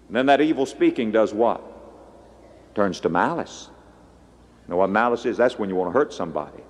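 A man preaching a sermon, swinging between hushed low lines and loud high bursts. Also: animated, fairly quick, pauses often. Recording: long echo of a large hall.

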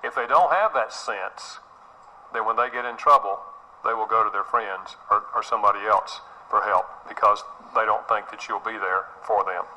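A man's voice: on the low side, moderate pace, sharp tone, rough recording. A middle-aged man giving an earnest sermon-style talk, often repeating words and acting out little scenes. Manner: earnest, repeats himself, acts out quotes. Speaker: speaker on parenting.

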